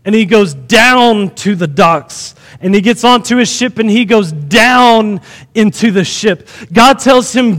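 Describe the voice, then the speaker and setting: A pastor with a high voice delivers a lively sermon, repeating key lines and checking in with his congregation. His voice rings out with a long reverb through the church sanctuary. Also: measured pace. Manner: dynamic preaching, repeats phrases for emphasis, asks the congregation questions.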